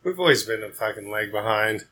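A man's voice: fairly low pitch, expressive, fairly quick, pushed and bright, a little hiss or hum. A man joking on a podcast, casual and profane, calling people bro.

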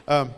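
A man's voice: a bit bright, slight background noise. Man preaching a chatty sermon. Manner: storytelling, self-deprecating humor with laughs. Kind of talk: conversational sermon. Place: church.

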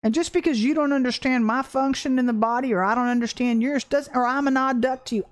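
A middle-aged woman giving a casual spoken sermon, an animated storyteller who laughs often and acts out quotes. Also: sits high, fast talker, dry recording. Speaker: Christian ministry teacher.

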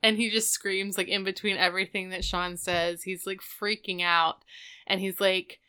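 A woman's voice: medium pitch, level tone, moderate pace, bright, forceful tone, clear, resonant tone. A woman co-hosting a podcast, casually recapping a TV episode in a chatty way with many filler words. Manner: chatty, lots of "like" fillers, acts out characters' lines. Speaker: podcast co-host.

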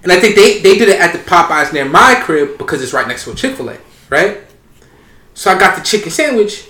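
Guy with a high sharp voice going off on a rant, casual podcast chat, echoey room. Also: brisk. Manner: animated storytelling rants. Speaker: podcast co-host. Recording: roomy echo.

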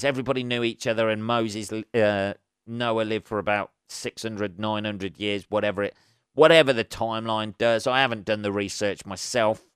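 Male podcast host, casual solo monologue, sarcastic and sweary; low-leaning, clean voice, dry close recording. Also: fairly bright tone, clean tone, dry recording. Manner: laughs at his own jokes.

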